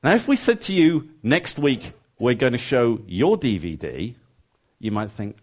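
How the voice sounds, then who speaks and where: A man preaching a sermon, moving from emphatic rising questions to quiet, earnest asides and acting out his listeners' thoughts. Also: medium pitch, big pitch swings, a little slow. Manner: conversational, acts out listeners' thoughts.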